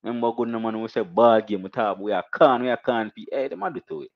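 A young Jamaican man hosting a casual live stream, shouting out viewers and reading donations with animated, repetitive catchphrases. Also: on the low side, quick pace, dry recording, narrow, tinny audio.

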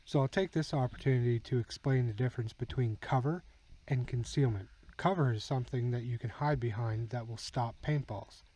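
A man hosting his own channel, giving calm instructional voice-over commentary on game footage and chuckling now and then. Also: mid-range voice, poor audio. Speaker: channel host.

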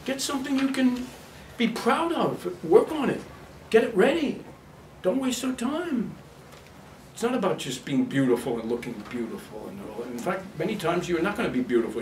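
Animated man teaching an acting workshop. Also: sits high, a little hiss or hum. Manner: blunt, animated, demonstrative, laughing often. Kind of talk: workshop lecture to a class. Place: workshop room with a live class. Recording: echoey room, mic far off.

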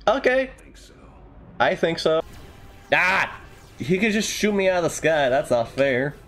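A man giving let's play commentary, jokey and excitable, swearing and yelping at the game. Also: a little high, normal speed. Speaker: gamer.

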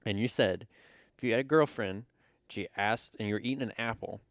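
Animated young man cutting in on a story. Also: on the low side, a little fast, dry recording, clean studio sound. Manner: animated, jumps in to correct, mock-yells quotes. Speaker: podcast co-host. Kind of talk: casual storytelling chat.

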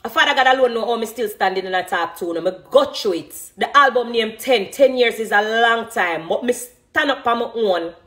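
A middle-aged dancehall artist with a Jamaican accent speaks passionately and emphatically about her music in an emotional interview. Her voice is fairly high and fairly bright, with lively intonation, a moderate pace, and hardly any pauses.

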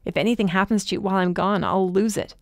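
A woman's voice: medium pitch, fast, a little mellow, dry recording, close to an everyday voice. A woman voicing a weary, protective young man.

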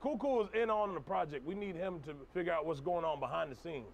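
A man hosting reality-show banter who teases and questions people quickly. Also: on the high side, vocal fry, slight background noise.

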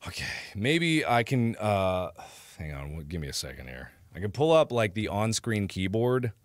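A young man live-streaming, giving gameplay commentary while getting exasperated, swearing and breaking into loud outbursts. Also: fairly low pitch, sing-song, moderate pace, no room sound, clean studio sound.

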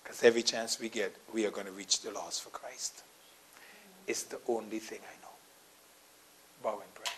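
A man pastor preaching a sermon in church, telling a personal story and acting out the dialogue, swinging from quiet asides to loud emphatic preaching. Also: lowish voice, steady tone, moderate pace, a little hiss or hum. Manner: storytelling, acting out his own quoted dialogue; laughs at his own story.

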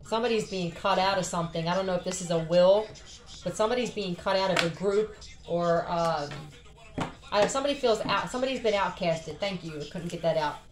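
A woman's voice: mid-range voice, a little fast, background noise. A tired woman with a Philadelphia accent doing a casual tarot reading, blunt and chatty with lots of swearing. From Philadelphia area. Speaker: tarot reader. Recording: echoey room with faint music. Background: faint music.

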